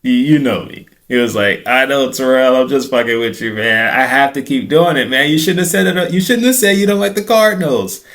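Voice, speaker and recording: A man's voice: medium pitch, a little fast, hardly any pauses, fairly bright tone. A young man hosting a podcast, telling a story casually and acting out other people's lines in a raised voice. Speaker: podcast host.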